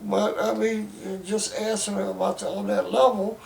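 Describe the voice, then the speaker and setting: A man's voice: high-pitched, level tone, moderate pace, vocal fry, a little mellow, echoey room, a little hiss or hum, poor audio. A man at home, making an emphatic complaint in formal, wordy phrasing with many stammered restarts. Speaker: interviewee describing his care. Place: home bedroom.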